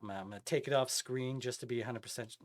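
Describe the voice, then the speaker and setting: A man's voice: medium pitch, fast talker. A man streaming a game live, chatting casually and reading and answering his chat as he plays. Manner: animated, chatty, reads chat aloud.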